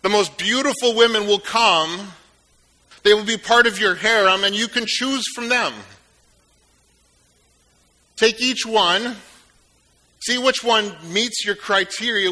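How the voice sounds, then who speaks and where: A man's voice: high-pitched, unhurried, bright, forceful tone. A man preaching who voices a scheming male royal advisor, talking the king into his plans in a persuasive, wheedling way.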